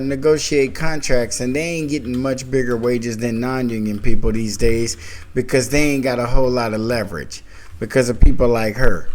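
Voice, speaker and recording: A man's voice: medium pitch, a little mellow. A man giving informal, blunt political commentary on a speech clip, talking conversationally and critically.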